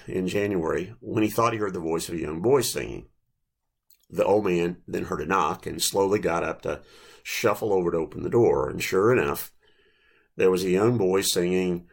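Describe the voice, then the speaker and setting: Older man with a gravelly low voice. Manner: gentle, reflective storytelling with pauses and small restarts. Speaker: preacher. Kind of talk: sermon with storytelling.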